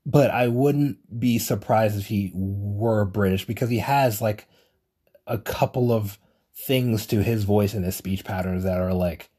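Low husky man rambling casually. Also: a little slow, warm tone. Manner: rambling, swearing, self-correcting often. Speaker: podcast host. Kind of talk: casual solo monologue.

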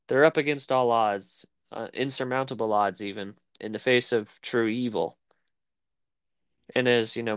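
A man's voice: medium pitch, clear, resonant tone, dry recording. A man co-hosting a casual film podcast, rambling and searching for words as he talks. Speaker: podcast co-host. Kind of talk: casual chat about film.

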